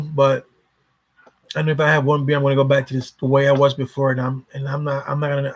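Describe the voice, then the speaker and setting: A man rambling through a casual vlog, swearing often and doubling back on his words. His voice sits a little high for a man, with a gravelly fry and a raspy, husky edge. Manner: rambling, profane, repeats himself. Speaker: YouTuber.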